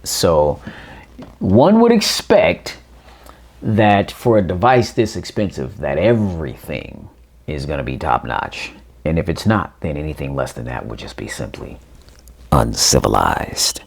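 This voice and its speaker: Deep, gravelly man walking through phone settings. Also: very animated, a little slow. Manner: reads on-screen prompts aloud, thinking out loud; addresses viewers as ladies and gents. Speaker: tech reviewer. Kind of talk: casual unboxing walkthrough.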